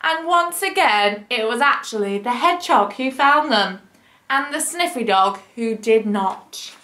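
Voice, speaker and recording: A woman teacher reading a picture book aloud for children, adding gentle, chatty asides to young listeners. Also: on the high side, expressive, a little slow. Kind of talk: children's story time reading. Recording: roomy echo.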